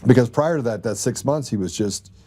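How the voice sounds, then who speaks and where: Dark-toned man telling a story. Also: mid-range voice, fairly quick. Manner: storytelling, laughs often, acts out quoted dialogue. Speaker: podcast host. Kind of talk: casual chat.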